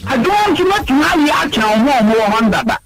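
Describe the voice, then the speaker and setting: Very high-pitched emphatic Ghanaian man. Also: very animated, fairly quick, poor audio. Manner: emphatic, repeats phrases, stammers when worked up. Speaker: regional party chairman. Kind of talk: heated interview answers.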